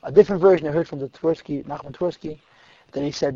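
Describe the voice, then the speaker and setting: A man telling a Hasidic story to listeners in an animated, emphatic way, repeating words for stress. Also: fairly high pitch, fast talker, dry recording. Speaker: religious storyteller. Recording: dull lo-fi, dry recording.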